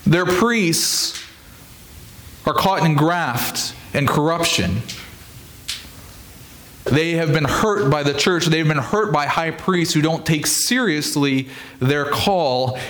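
A man preaching a sermon, earnest and steady, leaning on emphatic repetition. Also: fairly high pitch. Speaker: pastor.

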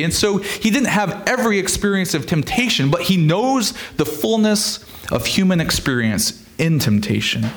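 A man preaching a sermon, earnest and steady, leaning on emphatic repetition. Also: fairly high pitch. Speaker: pastor.

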